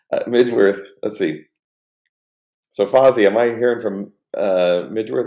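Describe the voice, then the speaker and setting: Male streamer, deep gravelly voice, loose halting chat, roomy echo. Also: darkish tone. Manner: rambling, halting, greets chat viewers by name. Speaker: livestream host. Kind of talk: casual livestream chat.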